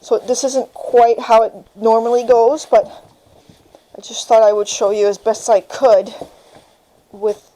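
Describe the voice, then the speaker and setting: A young woman dog breeder talking casually while filming on a handheld camera in her kitchen, calmly explaining each step and switching to a high sing-song voice for the puppy. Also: measured pace, long pauses, poor audio. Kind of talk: casual instructional vlog. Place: home kitchen, indoors. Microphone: handheld camera mic.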